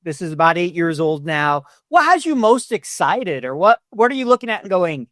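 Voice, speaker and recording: A man hosting a podcast interview, asking quick, animated questions. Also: high voice, dry recording, clean studio sound. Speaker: podcast host. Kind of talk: conversational interview.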